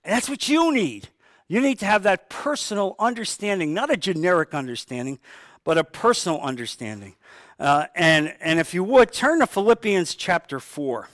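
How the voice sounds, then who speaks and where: High-voiced man preaching a sermon. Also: very animated, normal speed, fairly bright tone, no room sound. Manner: emphatic, repeats key phrases, acts out sample prayers. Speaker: pastor.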